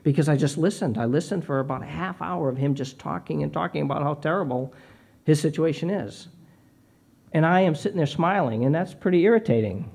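A man's voice: a little high, brisk, creaky, darkish tone, slightly rough. A middle-aged man preaching a sermon, earnest and personal, often repeating words as he starts a phrase. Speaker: pastor.

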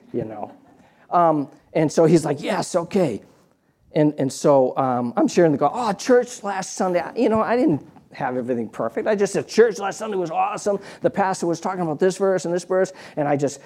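A man preaching a sermon in a conversational, storytelling way, restarting phrases and swinging from quiet asides to emphatic points. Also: mid-range voice.

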